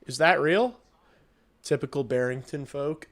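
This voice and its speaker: A man streaming a hockey game and calling the play-by-play, excitable and swearing casually, shouting on big plays. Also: a little high, a little slow. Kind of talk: live watch-along hockey commentary.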